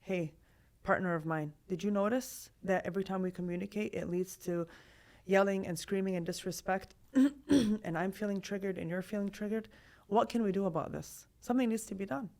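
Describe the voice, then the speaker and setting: Expressive woman therapist talking animatedly. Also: medium pitch, fairly quick, gravelly. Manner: animated, acts out quoted voices, asks many rhetorical questions. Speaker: trauma therapist, guest. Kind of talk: podcast conversation.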